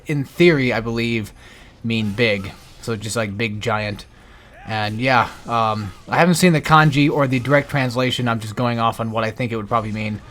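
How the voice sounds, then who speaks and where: Man, game guide narrator, a bit winded, loose rambling delivery with fillers, mid-pitched. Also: a bit bright. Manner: rambling, many fillers and restarts. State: out of breath. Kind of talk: casual gameplay commentary.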